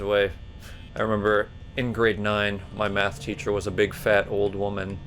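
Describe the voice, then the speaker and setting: Gravelly-voiced man chatting through gameplay. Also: flat delivery, fairly quick, slight background noise. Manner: rambling, jokey, jumps to loud high yelps when startled. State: burpy while talking. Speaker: let's player. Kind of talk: casual gameplay commentary.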